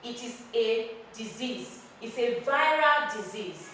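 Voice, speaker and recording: A woman's voice: fairly high pitch, animated, slow, fairly bright tone, slight background noise. Nigerian woman teaching in an echoey classroom. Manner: emphatic, repeats key words for drilling. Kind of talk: classroom lesson. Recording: echoey room, mic far off.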